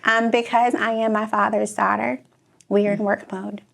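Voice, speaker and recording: Emotional storytelling woman, gravelly voice. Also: medium pitch, moderate pace. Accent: Chicago. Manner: expressive storyteller, laughs and tears up. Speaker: guest.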